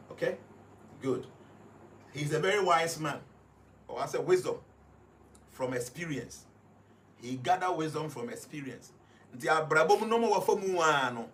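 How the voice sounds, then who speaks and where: A Ghanaian-accented man talks a listener through his reasoning in an emphatic, repetitive way. His voice sits a little high for a man. A faint hum of noise runs beneath it. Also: a bit bright. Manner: emphatic, repeats points to stress them. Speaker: guest analyst. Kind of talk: explanatory commentary.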